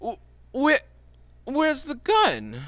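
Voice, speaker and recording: A man's voice: extremely high pitch, huge pitch swings, extremely slow, fairly bright tone, dry recording, voice pushed up, heavily acted. A man voicing a bumbling, confused male henchman in a tabletop game, stammering and unsure. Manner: hesitant, stammering.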